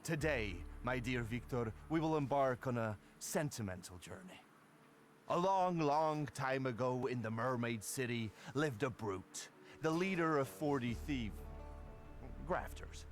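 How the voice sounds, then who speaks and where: Game gang boss, voiced by a man: gruff, loyal, middle-aged, animated delivery. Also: mid-range voice, measured pace, a little hiss or hum, natural voice. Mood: jovial. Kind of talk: video game voice acting.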